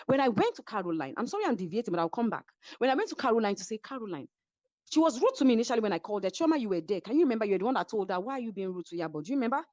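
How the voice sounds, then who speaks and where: Nigerian woman, high and animated, fast dramatic retelling with acted-out quotes, dull dry lo-fi recording. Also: dry recording. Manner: animated, acts out quoted voices, code-switching. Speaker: reality show cast member. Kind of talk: heated casual retelling.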